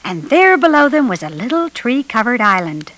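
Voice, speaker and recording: A woman reading a children's storybook aloud in an expressive, animated way, lifting her voice for the children's lines. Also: a little high, moderate pace, low-quality recording. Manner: lively expressive read-aloud, raising her voice for children's dialogue. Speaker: storybook narrator.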